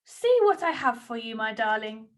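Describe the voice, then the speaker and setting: A woman voicing a nervous but kind and hopeful old male woodcarver, speaking gently. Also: extremely high pitch, sing-song, moderate pace, full character voice. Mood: tender. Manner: coaxing and gentle.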